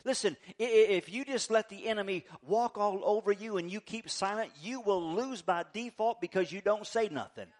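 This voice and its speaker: High-voiced male pastor preaching. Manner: conversational preaching with playful acted-out dialogue; shifts between soft low asides and loud emphatic bursts. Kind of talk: sermon.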